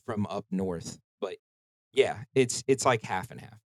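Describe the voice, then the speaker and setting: A man's voice: on the low side, lively intonation, a little slow, no echo. A man hosting a podcast, telling rambling stories in casual chat and swearing freely. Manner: profane, rambling storytelling. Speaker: podcast host.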